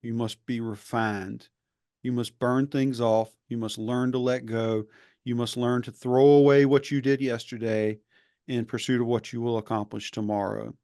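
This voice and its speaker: A man's voice: mid-range voice, fairly even intonation, normal speed, mellow, clear, resonant tone, dry recording. Earnest ex-professor guy hosting a podcast, rambly, lots of restarts, dry sound. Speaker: podcast host; former professor. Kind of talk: reflective conversational interview.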